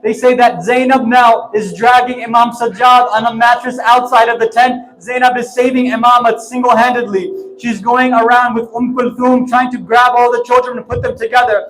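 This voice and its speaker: A man delivers a mourning sermon, his voice sitting very high yet held to a narrow, flat line. He tells the story while crying, pushing through sobs with impassioned urgency. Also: moderate pace, few pauses. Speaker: preacher.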